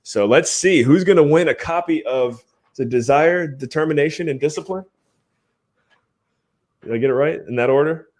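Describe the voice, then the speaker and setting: A man's voice: on the high side, a little fast, darkish tone. A man hosting a live podcast stream, chatting casually in an upbeat way and laughing often. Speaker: podcast host.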